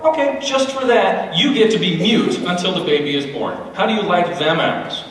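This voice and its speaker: A man's voice: high-pitched, expressive, moderate pace, a little hiss or hum. A man voicing an exasperated male angel who talks back in a sarcastic, indignant way, heard in an echoey church hall from a distant mic.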